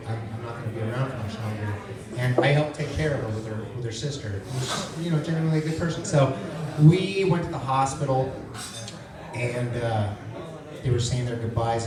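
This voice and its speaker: A man performs stand-up comedy, swearing freely and rambling through his stories. He is heard from far off in a very echoey club, with an audience laughing around him. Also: mid-range voice. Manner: loose, profane, storytelling.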